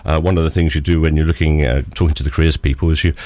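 A man's voice: extremely low pitch, steady tone, very fast, a little mellow, no room sound. A man in his sixties from Scotland with an English accent, telling rambling anecdotes with dry humour as a radio guest. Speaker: interview guest, former diplomat. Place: radio studio.

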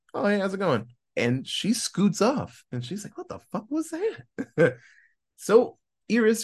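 A man hosting a film podcast, casually retelling a movie's plot and acting out the characters' lines in quick voices. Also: a little high. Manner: swears freely. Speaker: podcast host reviewing a film.

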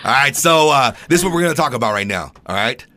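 Lively fast-talking man. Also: mid-range voice, background noise. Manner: animated, playful, loud laughing bursts. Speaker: podcast co-host. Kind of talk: casual chat.

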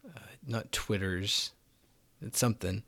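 A man's voice: fairly low pitch, takes it slowly, creaky, sharp tone. A man co-hosting a casual chat, thinking aloud in a hesitant way. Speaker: podcast co-host.

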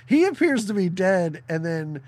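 A man co-hosting a podcast talks through a movie's plot in a relaxed, joking way. His voice is a little husky and his pitch swings widely, and he slips into the characters' lines as he goes. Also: no room sound. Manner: jokey, acts out characters' lines in quick asides. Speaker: podcast co-host. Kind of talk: casual chat recapping a movie.

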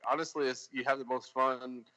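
A man's voice: mid-range voice, flat delivery, a little fast, pushed and bright, poor audio. A man chatting casually as a filmmaker guest on a podcast, rambling with lots of fillers and restarts.

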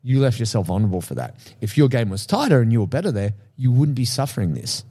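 Mellow-voiced man hosting a podcast. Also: medium pitch, fast talker, slightly rough. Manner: animated storytelling, laughs often, self-deprecating. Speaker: podcast co-host. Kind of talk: casual podcast chat.

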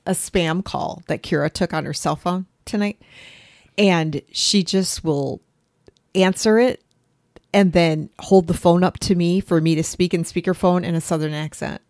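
Podcast co-host, woman in her 50s, rambling casual chat, lower register, close dry recording. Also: unhurried, no room sound. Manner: chatty, animated, full of asides and restarts.

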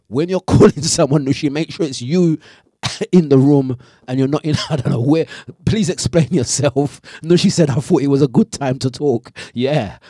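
A man hosting a breakfast radio show, telling stories in animated, slangy chat and laughing often. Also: fairly high pitch, no echo, studio quality. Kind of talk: casual live radio chat.

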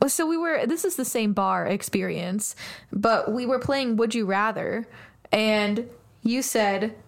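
A woman's voice: fairly high pitch, a little slow, vocal fry. A woman co-hosting a podcast in casual chat, telling stories and laughing often. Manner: laughs often, animated storytelling. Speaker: podcast co-host.

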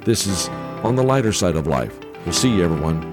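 A man's voice: low voice, big pitch swings, a little fast, over music. A man in his sixties hosting a podcast, telling a story in a casual monologue, chuckling often and tagging his lines with "okay?". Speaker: podcast host.

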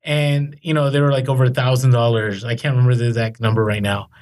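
A man hosting a casual podcast, telling animated, rambling stories about reselling. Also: medium pitch, fast talker.

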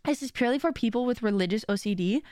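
Woman, podcast host, casual chat, animated, slangy, laughs often, fairly high voice, dry close sound. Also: fast talker, no echo.

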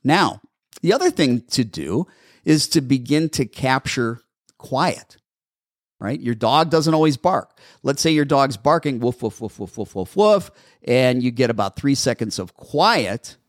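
A man who trains dogs answers listener questions on an advice show, explaining steps patiently and repeating them, his voice a little hoarse. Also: mid-range voice, lively intonation, measured pace, no echo, clean studio sound. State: slightly hoarse.

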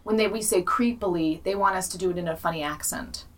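A woman's voice: lowish voice, fast. A woman co-hosting a podcast, chatting casually in a blunt, jokey way and swearing freely. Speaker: podcast co-host. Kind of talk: casual chat. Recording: voice set back from the mic.

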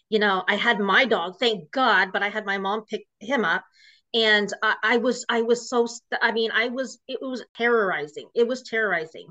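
A woman's voice: fairly high pitch, sharp tone. A woman guest recounting a painful personal story in an emotional way, full of fillers and restarts. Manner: emotional, filler-heavy retelling with many restarts. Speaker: podcast guest. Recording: muffled lo-fi recording.

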